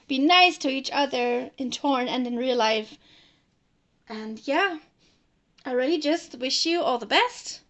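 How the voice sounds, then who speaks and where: A woman giving a rushed, soft holiday greeting to listeners. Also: high-pitched.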